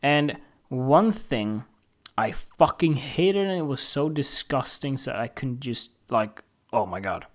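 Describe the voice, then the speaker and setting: A man ranting casually and indignantly about a photographer, emphatic and profane, with frequent halting restarts. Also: medium pitch, animated. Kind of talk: casual opinion rant to camera.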